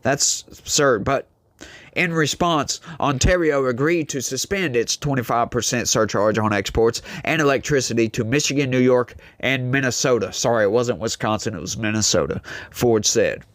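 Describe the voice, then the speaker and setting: A man, in his thirties, hosts a solo political commentary show. He reads news out and breaks into exasperated, incredulous asides, repeating his points. His voice sits at a middling pitch in a dry, close setting. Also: moderate pace, no room sound.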